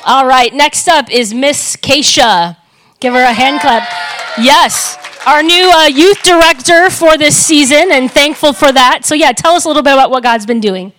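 A woman's voice: high-pitched, moderate pace, fairly bright tone, a little hiss or hum. A woman pastor giving church announcements, upbeat and rallying the congregation.

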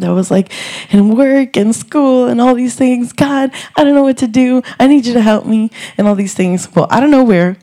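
A woman's voice: mid-range voice, a little mellow. A young woman in her twenties sharing a testimony at church, nervous and earnest, rambling with many fillers. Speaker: youth director.

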